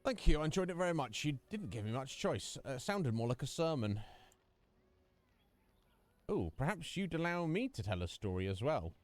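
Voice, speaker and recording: Male streamer, lively animated delivery, dry close sound, ranting commentary. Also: a little high, normal speed, dry recording. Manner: animated ranting, mock-quoting voices. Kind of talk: live gameplay commentary.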